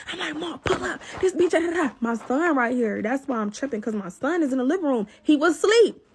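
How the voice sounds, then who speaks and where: A young woman telling a personal story in a casual vlog, animated and profane, talking straight to her viewers. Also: on the high side, husky.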